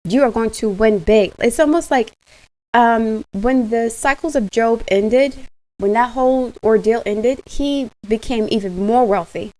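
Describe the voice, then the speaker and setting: A woman giving a casual tarot reading straight to her viewers, animated and slangy, laughing often. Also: on the high side, a little slow, rough recording. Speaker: tarot reader.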